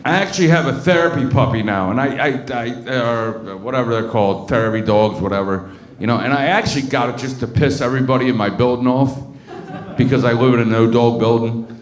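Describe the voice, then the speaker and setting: A man's voice: mid-range voice, fairly quick. Crude rambly stand-up guy in his 30s from baltimore, lots of uh and you know, roomy club sound. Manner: crude, rambling, many fillers and restarts. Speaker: stand-up comic. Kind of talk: stand-up comedy set. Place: comedy club stage.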